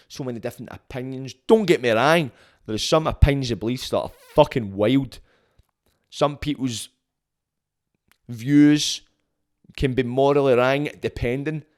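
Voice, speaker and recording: A young Scottish man holds forth on his podcast in a casual, opinionated monologue. He is blunt and full of swearing, and his voice sits at a middling pitch for a man. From Scotland. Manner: blunt and sweary, heated rants. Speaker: podcast host.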